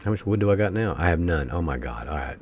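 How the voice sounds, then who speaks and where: A man's voice: deep voice, expressive, fast talker, highs cut off, a little hiss or hum. A man giving let's-play commentary, talking to himself and bursting into exasperated curses.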